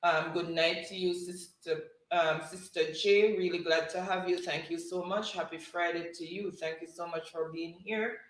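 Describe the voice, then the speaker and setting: A woman's voice: fairly low pitch, steady tone. A woman hosting a livestream, reading chat messages aloud and calling out spelling words one at a time. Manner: warm thanks, slow word-by-word calling of spelling words. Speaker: livestream host. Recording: roomy echo.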